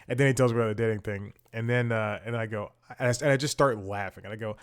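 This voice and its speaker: A man's voice: fairly low pitch, fairly even intonation, quick pace, clear, resonant tone. A man hosting a comedy podcast. He talks in a casual, rambling monologue, mocks himself, and chuckles between sentences.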